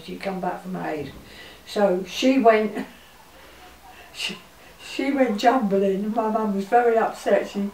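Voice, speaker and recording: Elderly woman reminiscing in a roomy space. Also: mid-range voice. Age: older. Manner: halting and gentle, with many pauses and fillers. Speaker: interviewee recalling her childhood. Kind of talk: reminiscing interview. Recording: roomy, distant mic with faint hiss.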